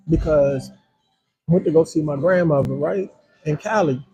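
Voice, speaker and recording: Man, livestream chat, mellow tone, slightly high voice, loose and rambling. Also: brisk, slightly rough, faint music behind, rough recording. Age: adult with a hundred-year-old grandmother. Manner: relaxed, rambling, talks to viewers as y'all. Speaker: live-stream host.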